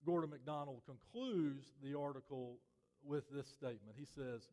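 A man preaching a sermon as pastor, measured and earnest, letting his voice fall softly at the ends of phrases. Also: mid-range voice. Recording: long reverb of a church hall.

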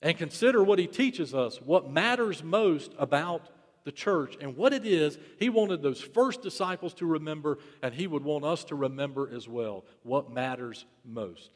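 Preaching man, raised pitch, hall echo. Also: expressive, normal speed. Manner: rhetorical repetition, swelling and dropping in volume. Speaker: pastor. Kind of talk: sermon. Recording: long hall reverb.

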